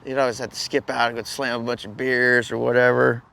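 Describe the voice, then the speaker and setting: A man's voice: medium pitch, little pitch movement, brisk, creaky, fairly bright tone. A man telling a story in a laid-back, slangy way, cursing often and breaking into laughs. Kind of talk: casual spoken anecdote.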